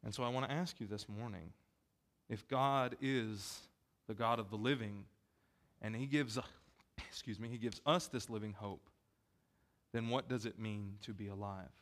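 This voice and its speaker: Male preacher, casual and talky, bright tone, wanders into funny asides. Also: lowish voice, normal speed, pauses often. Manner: chatty, self-deprecating asides. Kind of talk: casual sermon. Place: church gym.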